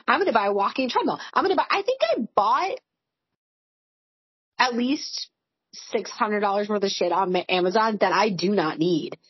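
A woman's voice: medium pitch, slightly rough, dry recording, highs cut off. A woman in her forties, a podcast co-host, telling candid stories in casual chat, full of "like" and swearing. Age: 40s. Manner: candid, swearing, storytelling with lots of "like".

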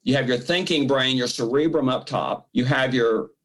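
A man, a misophonia therapist, explains treatment in an interview, speaking in a lively way and acting out inner voices in quotes. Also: medium pitch, moderate pace, low-quality recording. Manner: animated, acts out the brain's voice in quotes.

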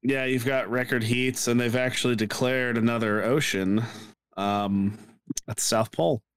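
A man's voice: medium pitch, fairly even intonation, normal speed, clean tone, no echo. A young man co-hosting a casual news podcast, talking in an opinionated but hedging way. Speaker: podcast co-host.

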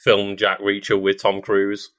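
A man co-hosting a casual podcast chat, reading out film facts with frequent ums and pauses. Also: fairly low pitch, monotone, a bit bright. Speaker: podcast co-host.

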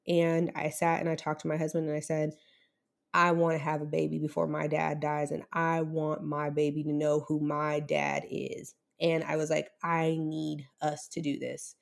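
Interview guest: woman, thirties, low gravelly voice, candid and emotional. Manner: candid, emotional, many fillers and restarts. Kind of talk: personal story in an interview.

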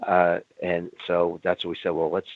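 An older man, a former pro wrestler appearing as an interview guest, tells candid, blunt stories in a deep voice with a completely flat delivery. He swears and acts out both sides of old arguments in quick back-and-forth dialogue. The audio is dry and phone-like, with no room sound.

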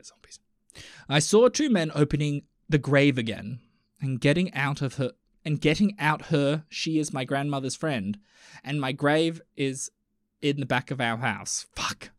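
A man streaming and reading online posts aloud, reacting with sudden loud exclamations and casual swearing. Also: mid-range voice, no echo, studio quality. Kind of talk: casual chat with commentary.

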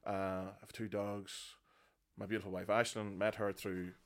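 A man's voice: lowish voice, flat delivery, moderate pace, vocal fry. A man in his thirties with a South Armagh accent, a podcast guest chatting casually with dry, self-deprecating humour. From South Armagh, Northern Ireland.

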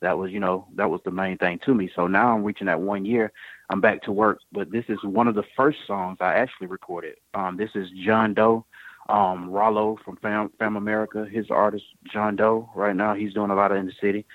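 A man's voice: fairly low pitch, fairly even intonation, a little fast, dry recording, narrow, tinny audio. A man guest on a radio show talking about his singing in a laid-back, rambling way, full of fillers. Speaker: singer guest. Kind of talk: casual radio interview.

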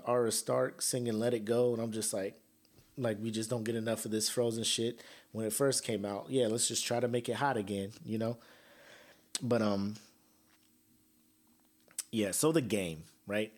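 A young man hosting a podcast, ranting casually with slang, swearing and sarcasm. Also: medium pitch. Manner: profane, animated, sarcastic, slangy. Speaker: podcast host.

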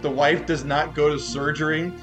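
A man's voice: on the high side, flat delivery, moderate pace, music in the background. A man co-hosting a movie podcast, recapping scenes in a rambling way and restarting his sentences. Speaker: podcast co-host. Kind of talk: casual movie-review chat.

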